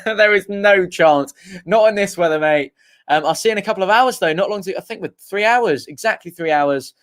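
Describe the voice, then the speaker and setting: A young man giving partisan live fan commentary on a stream, chatty and excitable, thanking viewers and cheering his team. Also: fairly high pitch, clear, resonant tone.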